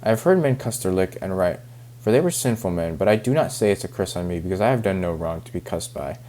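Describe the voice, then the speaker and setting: A man's voice: deep voice, animated, dark tone. A man reading as a grumbling old farmer. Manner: reads in rural dialect, halting over words. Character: complaining older backwoods farmer man, self-pitying.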